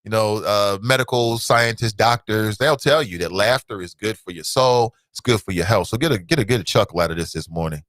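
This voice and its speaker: A man's voice: lowish voice, fairly quick, few pauses, a bit bright, no echo. A man hosting a casual call-in talk show, mocking and laughing often, cursing and reading quotes aloud with exaggerated scorn. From United States.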